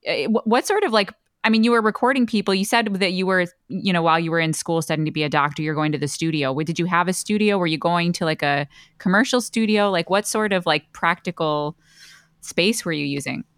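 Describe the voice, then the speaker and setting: A woman's voice: on the low side, brisk, fairly bright tone, no echo, clean studio sound. A woman hosting, asking curious, probing interview questions. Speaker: host.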